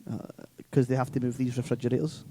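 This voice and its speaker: Male co-host, mellow, jokey and sarcastic, casual chat. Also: medium pitch, level tone, fast, a little hiss or hum. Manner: laughs often, sarcastic asides. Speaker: podcast co-host.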